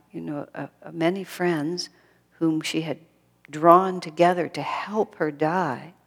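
A woman giving a thoughtful spiritual talk, dropping to a hush when she quotes others. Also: low voice. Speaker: spiritual teacher. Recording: long reverb of a hall.

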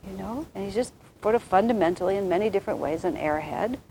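Soft-voiced woman, spiritual teacher type, wordy and meandering, mid-pitched. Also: quick pace, a little hiss or hum, poor audio. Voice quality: soft-spoken. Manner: wordy, rambling, with many restarts. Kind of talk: reflective spiritual talk to an audience.

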